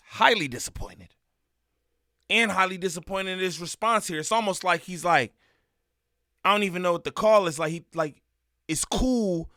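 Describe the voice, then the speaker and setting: A man hosting a reaction video, talking in a casual, animated way with loud bursts, low mutters and frequent laughs. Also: no echo, clean studio sound.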